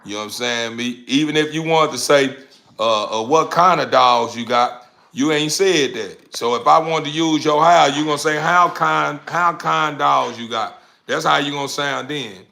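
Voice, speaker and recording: Casting: young man, live-stream host, bright forceful voice, relaxed drawl, stumbles and repeats while reading chat. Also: medium pitch, moderate pace, vocal fry. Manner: laid-back, drawling, repeats words while reading comments. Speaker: dog breeder hosting a live stream.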